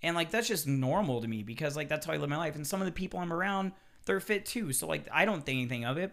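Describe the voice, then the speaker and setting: Man, chef, casual podcast talk, animated, swears a lot, acts out quotes. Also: fairly high pitch, gravelly.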